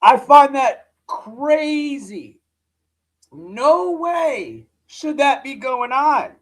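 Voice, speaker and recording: A hoarse man hosting a live reaction stream, rambling in casual commentary and calling his viewers "dude". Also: extremely high pitch, animated, extremely slow, rough recording. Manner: rambling, repeats himself, says "dude" often. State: hoarse, voice nearly gone.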